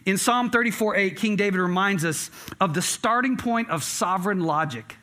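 A middle-aged male pastor preaching in a high, bright voice. He moves from earnest emphasis into relaxed, chatty storytelling. His delivery stays conversational throughout. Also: moderate pace. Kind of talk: sermon.

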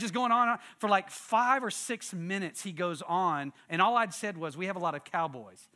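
Preacher, animated storyteller who acts out the scenes, high bright tone. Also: male voice, normal speed, few pauses. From Texas. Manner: animated, acts out quotes and sound effects. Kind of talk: storytelling sermon.

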